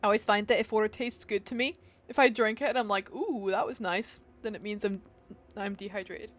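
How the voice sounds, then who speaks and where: A woman's voice: medium pitch, fairly even intonation, fast talker, fairly bright tone. Chatty woman streaming a game. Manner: chatty and giggly, musing aloud. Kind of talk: casual live-stream chat while gaming.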